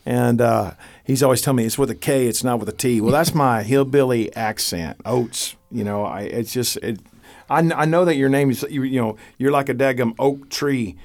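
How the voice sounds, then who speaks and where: A man with a Texan accent, a pastor hosting a casual radio talk from a church studio, folksy and animated, breaking into blessings. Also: mid-range voice, moderate pace. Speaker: pastor and podcast host.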